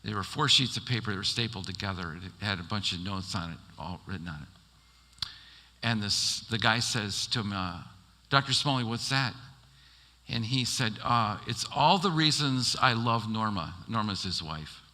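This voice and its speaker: A man's voice: on the low side, lively intonation, normal speed, sharp tone. A man pastor preaching a sermon, telling stories animatedly and acting out the people he quotes. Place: church sanctuary. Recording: long church hall reverb.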